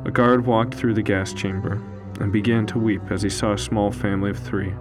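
Low-ish male voice telling a sad story slowly, soft music under it. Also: fairly even intonation. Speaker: narrator. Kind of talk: scripted first-person storytelling.

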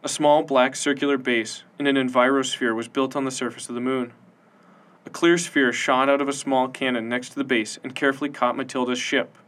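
A man narrating a science-fiction audiobook in an even, measured storytelling manner. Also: medium pitch.

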